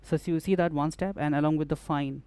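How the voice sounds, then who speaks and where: Man teaching music software, clear dry voice. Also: on the high side, steady tone, fast talker, no echo. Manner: explanatory, repeats and restarts phrases while demonstrating. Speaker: music production instructor. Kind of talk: hands-on software tutorial.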